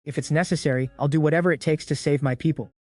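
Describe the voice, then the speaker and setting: A cold, ambitious young commander, as a man reads him, calm and chilling as he threatens. His voice is fairly high, and the sound is close and dry. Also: fast talker, no echo, close to an everyday voice. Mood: cold, arrogant.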